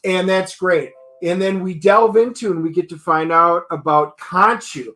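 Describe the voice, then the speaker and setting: High-voiced man co-hosting a TV review. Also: a little slow. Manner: animated storytelling, acts out character quotes. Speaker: show co-host. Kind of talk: casual TV review chat.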